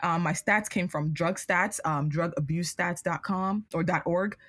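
A young adult woman hosting a podcast, telling a story in an animated casual way, with "like" as her constant filler. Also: fairly low pitch, measured pace, dry recording. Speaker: podcast host.

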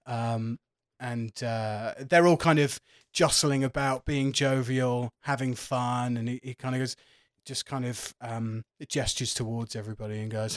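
A man's voice: medium pitch, steady tone, measured pace, no echo, clean studio sound. A man narrating as game master of a tabletop game, rambling with many fillers.

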